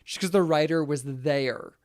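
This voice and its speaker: A woman's voice: deep voice, normal speed, a little mellow, dry recording. Woman podcast co-host, chatty and profane, in a dry close sound. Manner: chatty storyteller, swears freely. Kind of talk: casual chat.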